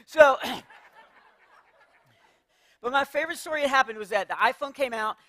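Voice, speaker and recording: His voice is very high-pitched, pushed, and bright, at a normal speed, as he performs stand-up on a church stage. The man tells animated stories, plays characters, and laughs at his own jokes to a laughing audience.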